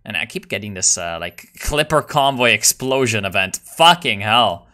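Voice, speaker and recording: Young guy rambling over a strategy game, bright sharp voice, cursing and laughing, lots of ums. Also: on the low side, normal speed. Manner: swears a lot, excitable, jokey; muses aloud with frequent fillers and laughs. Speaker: gamer playing a strategy game. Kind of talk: casual gameplay commentary.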